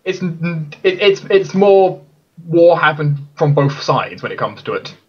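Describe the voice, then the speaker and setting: A man's voice: on the high side, very animated, a little slow, breathy edge, muffled recording. A man running a tabletop game as game master, explaining rules and often stumbling and restarting his sentences. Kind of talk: narrating a tabletop game online.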